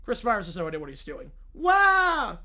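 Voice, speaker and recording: A male streamer reacting casually on a live stream. He talks in a relaxed, mumbling way, often laughing and trailing off. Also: on the high side, very fast. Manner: laid-back, laughing, mumbled asides.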